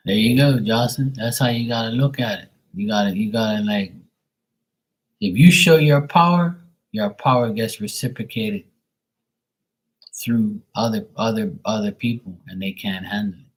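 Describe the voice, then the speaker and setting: This live stream host, who gives readings, has a lowish voice and talks at normal speed. He wanders through a casual tale in streetwise slang, cursing freely and voicing both sides of each exchange, all on poor-quality audio.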